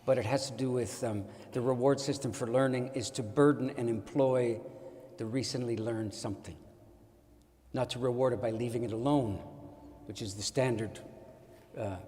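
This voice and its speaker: An older man who teaches at his own school tells a reflective story in a wry, deliberate, digressive way. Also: mid-range voice, fairly even intonation, dark tone, big-room sound.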